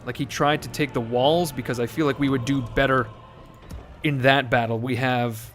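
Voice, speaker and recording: A man's voice: medium pitch, fairly even intonation, normal speed, fairly bright tone, soft background music. Male let's-play host, casual and chatty, thinks aloud and corrects himself. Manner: rambling, self-correcting, joking. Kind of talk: casual gameplay commentary.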